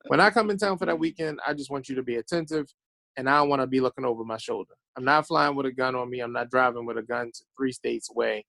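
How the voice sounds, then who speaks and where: A man's voice: mid-range voice, fairly even intonation, quick pace, gravelly, pushed and bright, no echo. A man from Baltimore, a podcast guest telling blunt, profane stories in casual chat and acting out the quotes.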